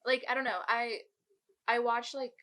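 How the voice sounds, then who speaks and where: A woman's voice: fairly high pitch, steady tone, normal speed, fairly bright tone. A woman in her twenties co-hosting a podcast, talking bluntly and casually, with lots of "like" fillers. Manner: blunt, chatty, filler-heavy. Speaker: podcast co-host. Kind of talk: casual chat.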